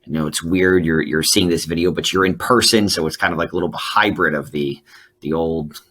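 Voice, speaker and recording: A man's voice: very deep voice, steady tone, brisk, pushed and bright. A man in his thirties, a school principal, giving a friendly, casual welcome address with many fillers and restarts.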